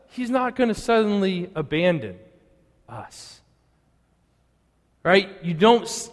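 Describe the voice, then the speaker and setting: An earnest male pastor preaching in a church, his fairly high voice carrying through a long, ringing reverb. He pauses often and sinks to a near hush on the phrases he wants to land. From United States. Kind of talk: sermon. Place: church sanctuary.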